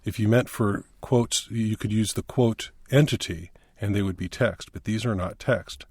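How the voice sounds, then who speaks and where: A man with a fairly low voice walks through a coding tutorial as a screencast instructor. He explains each point in plain, step-by-step teaching talk. The recording is dry and close, with no room sound. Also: normal speed, a little mellow, slightly rough, no echo.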